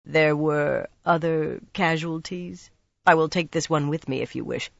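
A narrator voicing a poised, menacing grown man with a deep voice and a smooth, polished way of talking in a storybook reading. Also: unhurried, dry recording, muffled recording. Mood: smooth, wary.

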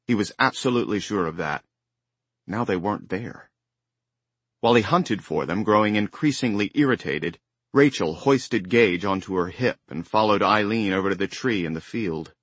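Low-voiced male audiobook narrator. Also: slightly rough, dry recording. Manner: measured, even storytelling. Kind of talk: scripted narration. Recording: dry close studio sound.

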